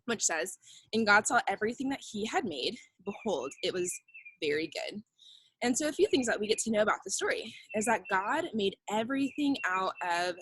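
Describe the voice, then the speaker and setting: Young woman, children's ministry teacher; husky, dry close recording, upbeat and repetitive. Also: medium pitch, fairly bright tone, dry recording, rough recording. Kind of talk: kids' church lesson.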